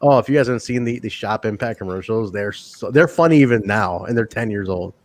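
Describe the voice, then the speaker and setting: A man's voice: lowish voice, animated, fairly quick, no room sound. Profane storytelling man on a podcast. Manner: profane storyteller, acts out quotes. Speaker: podcast co-host. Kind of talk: casual chat.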